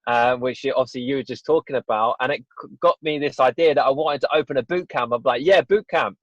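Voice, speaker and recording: A man's voice: medium pitch, steady tone, fast, no echo. Young male guest, candid storyteller, restarts often, muffled lo-fi audio. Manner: rambling, candid, frequent restarts. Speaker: guest, fitness business owner. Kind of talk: casual podcast interview. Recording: dull dry lo-fi audio.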